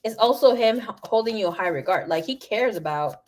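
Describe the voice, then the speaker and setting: A woman in her young adult years gives a live tarot reading, speaking in a blunt, animated way with plenty of swearing. Her voice sits at an ordinary middle pitch. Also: fairly quick. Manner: frank, animated, swears freely. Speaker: tarot reader.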